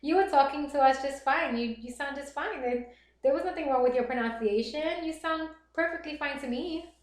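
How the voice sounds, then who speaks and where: Middle-aged Puerto Rican Bronx woman, livestream host, rapid chatty delivery, roomy echo. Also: high voice. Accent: Puerto Rican Bronx New York. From the Bronx, New York. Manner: fast-talking, chatty and reassuring. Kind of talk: casual chat reading viewer comments.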